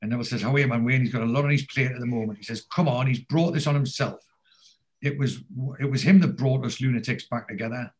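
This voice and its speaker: Man animatedly retelling a story. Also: fast talker. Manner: storyteller who pops into higher, louder voices for quoted characters. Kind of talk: casual chat, retelling a TV episode.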